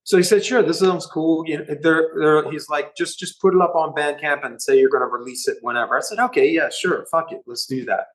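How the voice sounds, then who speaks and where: A middle-aged man, a band musician, telling a story in a rambling, profane, animated way during a casual interview. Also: on the high side, a little fast, few pauses, low-quality recording.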